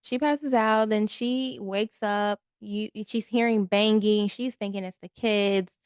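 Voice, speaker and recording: A woman of middle pitch co-hosts a podcast, talking through a movie in a relaxed, conversational way. Her voice is dry and close to the mic, and she acts out characters' lines as she goes. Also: measured pace, smooth, dry recording. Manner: conversational, laughs easily, acts out quotes. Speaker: podcast co-host. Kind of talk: casual movie recap chat.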